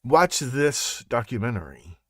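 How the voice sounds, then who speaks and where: A man hosting a live podcast, talking in a rambling, animated monologue full of restarts and asides. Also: medium pitch, measured pace, no room sound, studio quality. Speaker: podcast host. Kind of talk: casual monologue on a live show.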